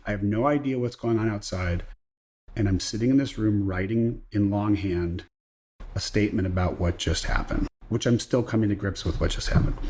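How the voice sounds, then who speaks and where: A man's voice: on the low side, darkish tone, slightly rough. A middle-aged man, a guest on an interview show, telling an anecdote casually and acting out the voices of the people he quotes. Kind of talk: casual storytelling.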